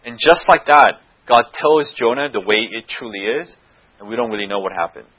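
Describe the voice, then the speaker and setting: A man delivers a sermon in a bright, forward voice with a husky edge. His pitch rises and falls in a lively way as he retells the story. He keeps checking in with his listeners as he talks. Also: moderate pace, rough recording. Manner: animated storytelling, often asks "right?". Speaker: preacher.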